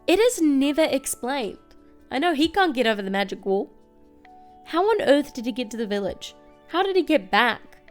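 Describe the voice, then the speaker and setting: A young woman hosting a casual, comedic recap, chatty and wry with quick asides. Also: high-pitched, very animated, faint music behind. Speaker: video essay host.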